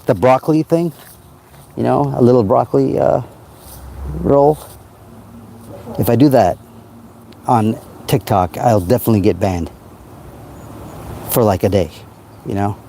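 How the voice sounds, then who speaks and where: A man's voice: medium pitch, creaky, dark tone, slight background noise. A man talking in a rambling, self-help way on a casual livestream, outdoors at night by a parked car, into a phone.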